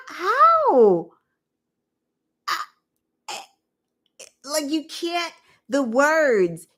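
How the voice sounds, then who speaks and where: A woman host giving opinionated political commentary, indignant and animated, with mocking asides. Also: fairly high pitch.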